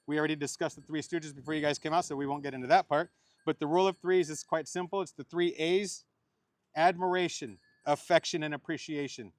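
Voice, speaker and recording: A man's voice: fairly high pitch, fairly even intonation, brisk, dry recording. A middle-aged man officiating a wedding as the bride's uncle, mixing playful jokes with heartfelt advice. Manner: joking, playful asides between heartfelt advice. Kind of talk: wedding ceremony speech.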